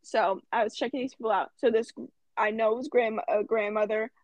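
A teenage girl co-hosting a podcast, telling an animated work story and swearing freely. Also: a little high, a little fast, dry recording. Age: teens. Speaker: podcast co-host. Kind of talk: casual chat.

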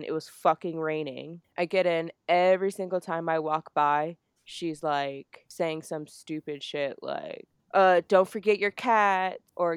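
A woman's voice: sits low, smooth, dry recording, studio quality. A young woman from New Jersey telling a story on a casual podcast, swearing freely and acting out the lines of the people in it. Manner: animated, swearing, acts out quotes. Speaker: podcast co-host.

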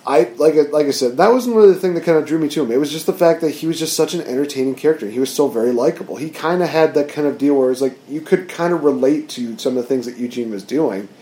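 A man's voice: a little high, fast talker, hardly any pauses, mellow. A man co-hosting a casual podcast, talking eagerly and rambling with lots of fillers. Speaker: podcast co-host. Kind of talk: casual chat. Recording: roomy echo.

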